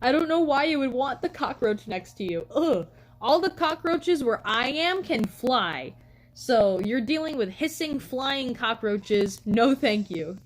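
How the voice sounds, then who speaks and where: A woman's voice: sits high, animated, a little slow, rough recording. A young woman chatting casually on a live stream, telling rambling stories full of "like" and "um" and greeting viewers. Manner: chatty storytelling, frequent "like" and "um" fillers.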